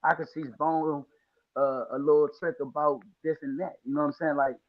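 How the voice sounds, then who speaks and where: A man from the Washington, D.C. area talks through his lawn care story in casual, slangy podcast chat. His voice sits a little high, and he keeps acting out what people told him. The sound is slightly dull and lo-fi. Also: little pitch movement, fairly quick. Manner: storytelling with acted-out quotes, slangy. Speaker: podcast guest, lawn care business owner.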